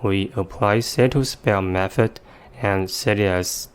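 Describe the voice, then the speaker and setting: This low, smooth-voiced man teaches English vocabulary from a script, taking a careful, step-by-step approach and sounding out demonstration words slowly.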